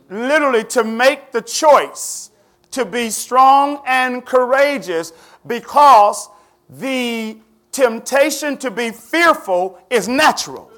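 A man's voice: very high voice, a bit bright. A man teaching a Bible study, questioning his listeners in a conversational way and laughing often.

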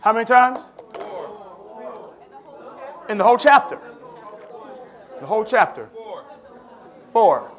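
A man's voice: high voice, very animated, slow pace, pauses often, fairly bright tone, a faint crowd. A man teaching a Bible study, questioning his listeners in a conversational way and laughing often.

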